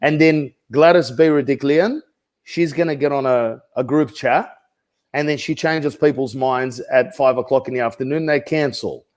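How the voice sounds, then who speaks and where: A middle-aged man with an Australian accent, talking in a deadpan, rambling, mock-serious way as a comedic real estate agent in an interview. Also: medium pitch.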